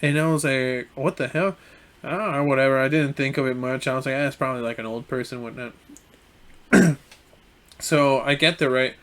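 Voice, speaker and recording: A man's voice: mid-range voice, fairly quick. Young man rambling through a story. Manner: relaxed, hesitant, many fillers. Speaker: podcast co-host. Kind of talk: casual storytelling chat.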